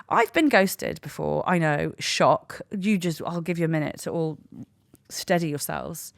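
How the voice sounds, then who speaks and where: A young woman hosting a solo podcast, ranting in a sweary, animated way. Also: fairly high pitch, dry recording, clean studio sound. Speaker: podcast host.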